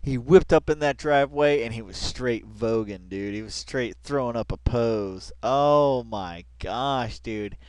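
Casual, excitable male reaction host, dry close sound, midrange voice, talking into a headset at home, constant "dude"s and bursts of laughter. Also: medium pitch, a little slow, hardly any pauses, no room sound.

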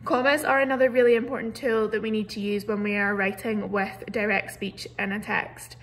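A woman's voice: mid-range voice, level tone, brisk, fairly bright tone. A woman teacher, patiently explaining a grammar lesson over a computer mic with many "so"s and "um"s. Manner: clear, patient explaining with frequent "so" and "um". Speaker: primary school teacher. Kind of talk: recorded online grammar lesson.

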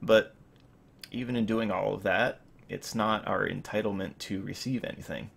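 A man's voice: fairly low pitch, fairly even intonation, moderate pace, gravelly, fairly bright tone, breathy edge. A man in his thirties giving an informal sermon as pastor, rambling with many fillers and restarts.

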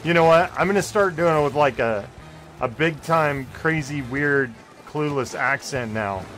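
A young man streaming a game live, chatting casually with viewers and yelping and shouting when plays get close. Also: fairly high pitch, measured pace, soft background music. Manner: excitable, yelps and shouts at close plays, joking with chat. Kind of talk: casual live gameplay commentary.

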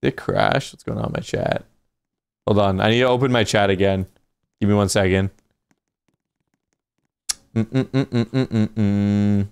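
Chatty male gaming streamer, smooth voice. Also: lowish voice, sing-song, a little fast, no echo, faint music behind. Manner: chatty, reacts out loud while playing. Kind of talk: casual live gameplay commentary.

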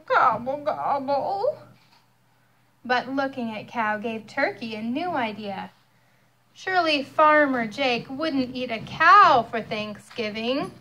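A young mother reading a picture book aloud to her child, expressive and storytelling. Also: on the high side, slow.

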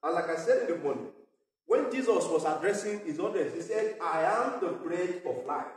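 A man's voice: high voice, expressive, moderate pace. A man preaching a sermon as pastor, talking conversationally with fillers and asides. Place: parish church. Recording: echoey church hall from far off.

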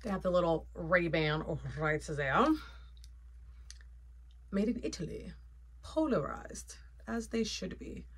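A woman's voice: on the low side, lively intonation, takes it slowly, long pauses, slightly rough. A woman vlogger chatting casually and playfully, with lots of fillers, about her sunglasses collection. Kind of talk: casual haul chat.

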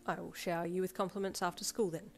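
A woman's voice: on the low side, level tone, fast talker, creaky, soft background music. A woman voicing a polite, earnest teenage boy who speaks in stiff, formal phrases in a fan fiction audiobook.

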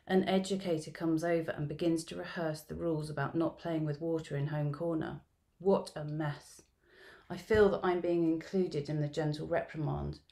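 Low, gravelly-voiced middle-aged woman reading. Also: dark tone. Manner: measured, reflective storytelling delivery. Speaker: education researcher presenting at a symposium. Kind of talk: reading a field-note narrative aloud.

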